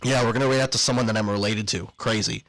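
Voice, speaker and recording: A man with a lowish, slightly bright voice talks fast with fairly even intonation on a low-quality recording, sounding out of breath. As a podcast co-host, he reads an ad in a playful, jokey, rambling way packed with fillers, then signs off casually in this casual podcast chat and ad read.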